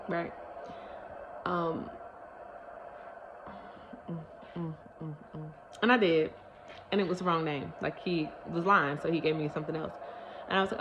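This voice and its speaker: A woman sharing a personal testimony on video, animated and emphatic as she talks straight to her viewers. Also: lowish voice, normal speed, pauses often, background noise. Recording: dull lo-fi recording.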